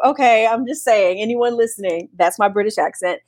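A woman novelist talking casually about her writing process, animated, laughing often and restarting sentences. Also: on the high side, brisk.

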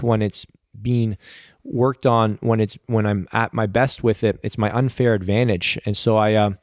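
A man's voice: fairly low pitch, no echo, clean studio sound. A man in his thirties speaking sincerely and reflectively as an interview guest, with frequent fillers. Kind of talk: casual conversation.

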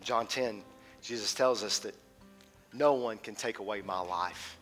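A man in his thirties preaching a sermon as a teaching pastor, swinging from loud and passionate to hushed and intimate. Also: lowish voice, unhurried, faint music behind.

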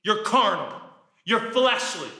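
A man preaching a sermon, animated, jumping from shouted lines to quiet asides. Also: high-pitched, slow pace. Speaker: pastor. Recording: echoey room.

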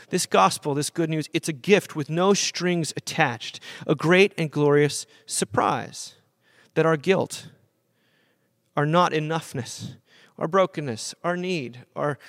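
A man's voice: on the high side, fairly bright tone, dry recording, clean studio sound. A man giving an earnest talk on law and gospel, stressing key phrases and often restarting his sentences. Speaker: speaker on Christian theology.

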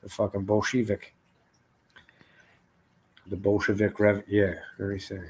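A man's voice: lowish voice, completely flat delivery, unhurried, a little mellow, breathy edge. Tired, rambling male podcast host. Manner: laid-back, rambling, swearing. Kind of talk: casual chat.

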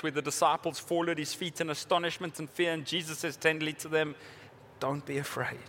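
A middle-aged male pastor delivering a sermon in a fairly high-pitched voice. He builds to urgent, pressing questions, then drops into hushed, tender stretches. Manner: impassioned, swinging from rising urgent questions to quiet tender passages.

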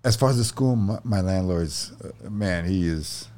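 A man's voice: sits low, lively intonation, unhurried, warm tone. A man who runs a jiu-jitsu academy, guesting on a podcast and telling stories bluntly, with plenty of swearing. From Sacramento area. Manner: blunt, profane storytelling. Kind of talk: casual podcast chat.

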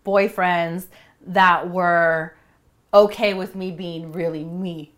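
A woman's voice: fairly low pitch, fairly even intonation, slow pace. Frank, joking woman guest. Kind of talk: casual chat.

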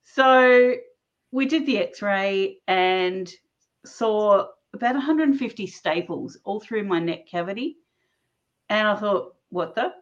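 A woman guest telling a personal story in a casual, animated way, often laughing mid-sentence. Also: mid-range voice, takes it slowly. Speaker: interview guest. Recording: dull lo-fi sound.

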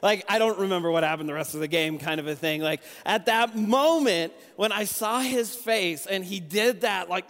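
A young adult man giving a sermon, telling conversational personal stories with lively restarts. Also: sits high, normal speed, few pauses, big-room sound. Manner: conversational, animated storytelling with restarts. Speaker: youth pastor and junior high basketball coach.

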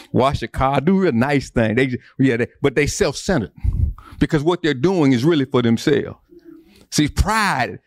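A man's voice: medium pitch, no echo, clean studio sound. A man preaching a sermon, repeating phrases and building emphasis. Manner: preaching with repetition and rising emphasis. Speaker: pastor.

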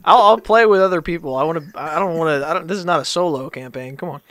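A man's voice: on the high side, quick pace, a crowd in the background. A man playing a tabletop game, joking and stumbling over his restarts. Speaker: player.

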